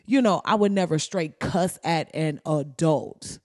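A woman's voice: low voice, measured pace, dry recording, studio quality. A woman hosting a podcast, telling stories in casual, profane commentary and acting out the people she talks about. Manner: profane, animated storytelling with mimicry. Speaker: podcast host.

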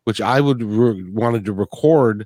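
A man from the US hosts a podcast with casual interview chat, often repeating words as he begins a thought. His voice is lowish and a little mellow, his pace measured, and the recording dry and studio-clean.

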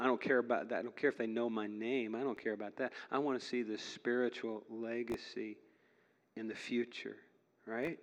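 A man preaching as a pastor in a church, earnest and chatty, laughing now and then between points. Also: medium pitch. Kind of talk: sermon. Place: church sanctuary. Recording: long reverb of a large hall.

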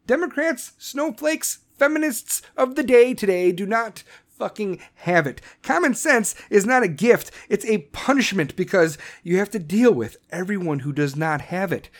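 A man with a high-pitched voice rants on his podcast, angry and loaded with swearing. He talks in heated bursts, firing off questions. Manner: angry, profane, heated ranting. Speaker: podcast host. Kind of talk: political rant.

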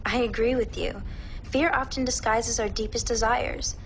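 A woman's voice: on the high side, fairly even intonation, normal speed, a little hiss or hum, natural voice, poor audio. An actress playing a young woman calling into a radio show, giving earnest advice.

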